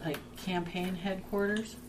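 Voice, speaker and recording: A woman's voice: mid-range voice, fairly even intonation, measured pace. A woman playing in a tabletop game, hesitant and questioning. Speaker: player. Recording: distant, noisy.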